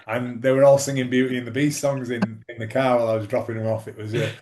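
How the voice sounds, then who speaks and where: Fast and level in tone, a former rugby league player's medium-pitched, slightly mellow voice carries his casual interview storytelling. He rambles, restarting often and using plenty of fillers.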